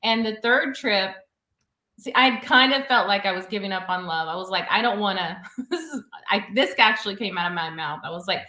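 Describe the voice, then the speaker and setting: A woman's voice: medium pitch, lively intonation, brisk, bright, forceful tone, roomy sound. A woman guest in a casual interview, telling personal stories in a chatty way and laughing often.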